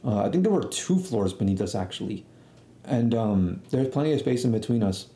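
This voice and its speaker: A man's voice: fairly low pitch, animated, a little fast, dark tone. A young man telling a rambling story in a casual, slangy way, swearing freely. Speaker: storytelling streamer. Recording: echoey room.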